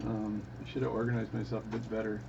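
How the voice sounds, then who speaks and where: A man's voice: fairly low pitch, level tone, fast, vocal fry, muffled recording, noisy background. A man chatting casually and rambling with jokes while he works on a watch. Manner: rambling, self-interrupting, jokey. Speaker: watchmaker vlogger. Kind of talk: casual workbench talk.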